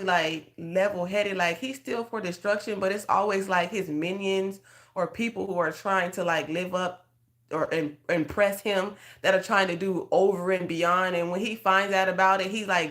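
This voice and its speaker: This prophetic guidance coach speaks at a medium pitch with a fairly bright tone. Earnest and conversational, she shares an emotional testimony from her own faith journey, speaking right to the people listening.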